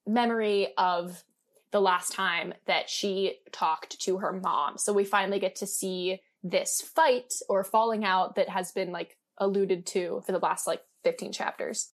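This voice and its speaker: A woman's voice: mid-range voice, a little slow. A woman hosting a book podcast, recapping chapters in an enthusiastic, chatty way. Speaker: podcast host. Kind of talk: casual book-club chat.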